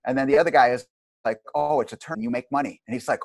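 A man's voice: on the high side, fast, gravelly, no echo. Rambling middle-aged man telling martial arts stories. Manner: rambling, animated anecdotes with many restarts. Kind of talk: casual storytelling interview.

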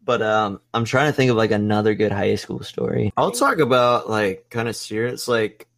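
A young man rambles through a casual podcast chat, swearing freely and leaning on filler words. His voice sits a little low. The recording is dry and close. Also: moderate pace, vocal fry, fairly bright tone, no echo. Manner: rambling, profane, lots of "like". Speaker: podcast host.

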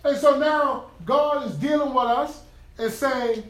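A man's voice: extremely high pitch, unhurried. A man preaching a conversational sermon, emphatic and humorous, telling stories about his own daily life. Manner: animated, humorous, emphatic storytelling. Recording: echoey room from far off.

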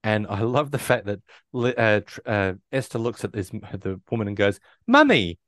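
A man with a somewhat low voice recaps a movie in casual conversation, stumbling and restarting as he goes. The sound is dry and close, with no room around it. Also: fairly even intonation, moderate pace, no echo. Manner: rambling storyteller, many restarts and quoted lines. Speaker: podcast co-host.

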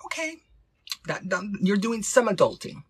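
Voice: mid-range voice, sing-song, measured pace, sharp tone, breathy edge. A host of a live-streamed advice show, talking in a campy, playful, sassy way and calling viewers honey and babes. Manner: sassy, teasing quips.

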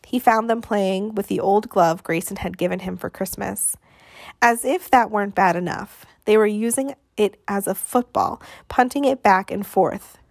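A woman narrating an audiobook in a measured, expressive way, with dramatic pauses. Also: mid-range voice, gravelly, no echo, studio quality.

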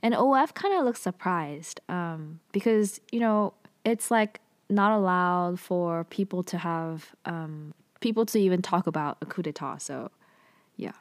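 A woman's voice: fairly low pitch, expressive, unhurried, dry recording. Woman going over a drama episode, super casual, lots of like and um, dry close mic. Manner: chatty, frequent "like" and "um" fillers, offhand asides. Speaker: drama recap vlogger. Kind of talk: casual plot recap.

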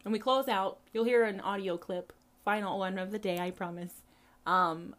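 A woman hosting a podcast, delivering a profane, impassioned monologue straight to her listeners, repeating herself for emphasis and swinging between quiet and loud. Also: medium pitch, moderate pace. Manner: profane, fiery ranting with big swings in volume. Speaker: podcast host.

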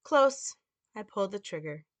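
A woman's voice: medium pitch, lively intonation, normal speed, no echo, close to an everyday voice. A woman reading the lines of a sarcastic, hard-bitten male police detective from a script in a dry, mocking way. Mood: grim.

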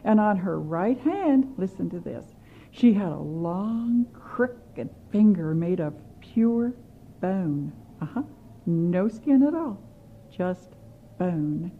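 A woman tells a children's story with a very lively, swooping delivery and chatty asides to young listeners. The recording is a bit dull and muffled, with a faint hiss behind her. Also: medium pitch, slow pace. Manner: animated, chatty asides to kids.

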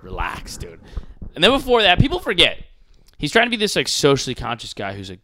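Animated, profane man ranting on a podcast. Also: mid-range voice, brisk. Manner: animated, profane, mocking impressions. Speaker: podcast host. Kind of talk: casual podcast rant.

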